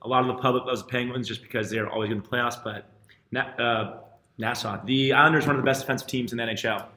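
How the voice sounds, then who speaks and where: A man talking fast and brightly, rambling about his bets with easy self-deprecating humor. His voice bounces around an echoey room. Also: mid-range voice, steady tone. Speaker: podcast co-host, bettor. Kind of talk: casual banter about bets.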